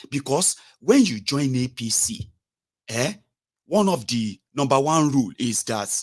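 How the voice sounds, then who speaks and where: A man's voice: medium pitch, a bit bright. A Nigerian man with an accent mixing Yoruba and pidgin words, giving mocking political commentary full of exclamations and rhetorical questions.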